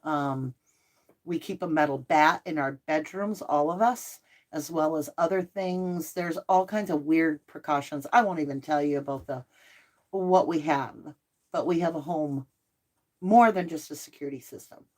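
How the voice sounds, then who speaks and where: A woman's voice: deep voice, moderate pace, darkish tone. A middle-aged woman hosting a casual livestream, chatting and answering viewer comments. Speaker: livestream host.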